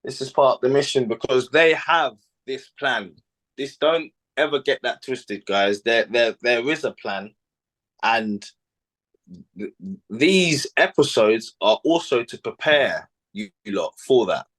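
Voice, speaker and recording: A man speaks on a podcast with earnest emphasis and repeats his key lines. His voice sits at a middle pitch. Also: takes it slowly, fairly bright tone, rough recording. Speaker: podcast host. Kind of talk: casual chat.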